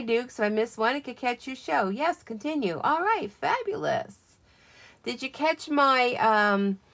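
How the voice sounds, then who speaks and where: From her home, a Southern-accented American woman hosts a crafting stream, speaking casually into a tablet and calling out viewers by name. She has a slightly high voice with a fairly bright tone.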